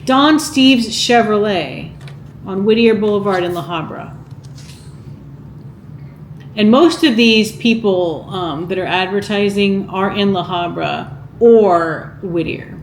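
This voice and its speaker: A woman chats unhurriedly while she reads through an old cookbook, stopping to wonder aloud and to ask her viewers questions. Her voice sits at a middle pitch and carries some room echo. A faint hiss of background noise runs under it. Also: takes it slowly. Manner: chatty, muses aloud and asks viewers questions. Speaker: cooking vlogger. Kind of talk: casual vlog, reading from a vintage cookbook.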